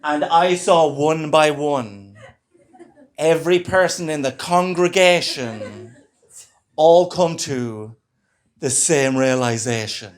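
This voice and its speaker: A man doing stand-up in a comedy club, telling an animated story and stammering on purpose for laughs. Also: on the high side, slow.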